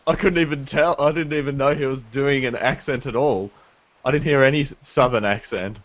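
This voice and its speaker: A man's voice: mid-range voice, a little fast. A man in a casual film chat who speaks hesitantly and often restarts his phrases. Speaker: podcast co-host. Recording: dull lo-fi recording.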